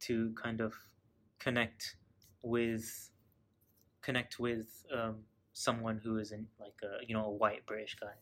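A man's voice: mid-range voice, a bit bright. Young man chatting, lots of filler. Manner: rambling, many fillers and restarts. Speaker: podcast co-host. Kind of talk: casual chat.

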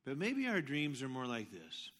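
A middle-aged man preaching a sermon as pastor, telling stories with animated swings between hushed asides and loud outbursts. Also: medium pitch, normal speed.

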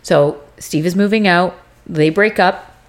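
A young adult woman co-hosting a podcast speaks a little slowly in a fairly low voice. She recaps a TV series in casual chat, retelling it animatedly and acting out scenes with swearing.

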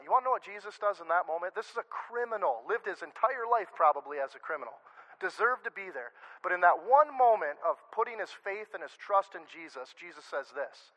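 A male pastor giving a sermon in a conversational, animated way, often restarting his sentences. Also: sits high, a little fast, low-quality recording.

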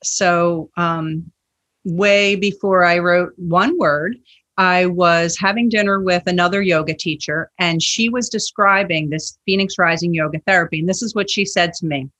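A woman's voice: on the low side, normal speed, fairly bright tone. A woman who teaches yoga, a podcast guest telling earnest stories and acting out the dialogue in them. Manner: earnest storytelling, acts out quoted dialogue. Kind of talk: podcast interview.

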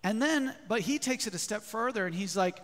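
High-voiced pastor preaching in a hall. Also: male voice, brisk. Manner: lively, asks the congregation questions. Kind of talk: sermon. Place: church sanctuary. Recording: long hall reverb.

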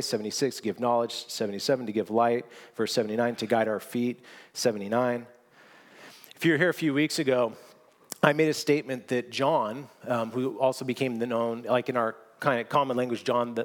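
Man, pastor, sermon, mid-pitched voice, hushed to fervent swings, restarts and repeats. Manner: animated storytelling, swinging from hushed to shouting; frequent restarts and repeated words.

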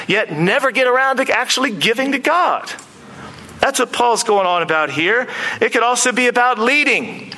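A man preaching a sermon to his church, lively and animated, acting out quotes and movie scenes. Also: very high voice, moderate pace, rough recording. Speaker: pastor.

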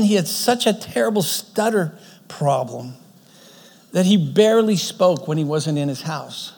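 A man's voice: high voice, long reverb tail. A man preaching a sermon, retelling a story earnestly, often restarting his phrases.

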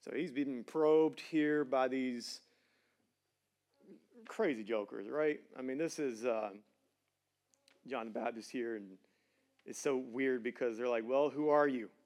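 A middle-aged pastor preaching a sermon in a casual, conversational way, with slangy fillers. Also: male voice, medium pitch, slow, long pauses, a little mellow.

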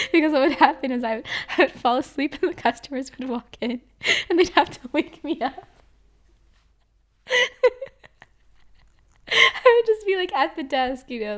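Giggly young woman, lots of fillers. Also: fairly high pitch. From Idaho, US. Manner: chatty, filler-heavy, giggly. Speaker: interviewee. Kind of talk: casual storytelling.

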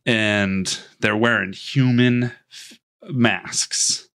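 A man's voice: on the low side, steady tone, drawn-out words, fairly bright tone, clear, resonant tone. A man casually recapping a movie plot on a podcast, rambling with restarts and laughing at his own jokes. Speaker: podcast host.

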